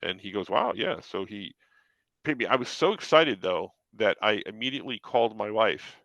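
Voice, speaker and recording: A man's voice: fairly low pitch, moderate pace, gravelly, no room sound, highs cut off. A man telling a story in casual chat, acting out what people said along the way. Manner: animated storyteller acting out quotes. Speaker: comic artist on a talk show.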